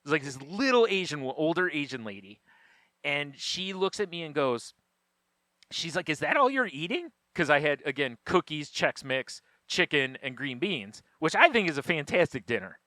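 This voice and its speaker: A man co-hosting a podcast, telling a funny everyday story in a casual, animated way and laughing often as he goes. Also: on the high side, moderate pace, no echo, studio quality. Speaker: podcast co-host.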